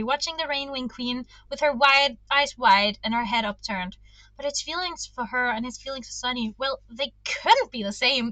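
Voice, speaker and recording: A woman streamer reading a book aloud on a livestream, expressive and excitable between passages. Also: sits high, normal speed, dry recording.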